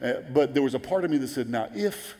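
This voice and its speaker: A man in his forties preaching a sermon, telling stories in a lively way and acting out the voices of the people he quotes. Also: medium pitch, fast. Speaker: pastor. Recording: long hall reverb.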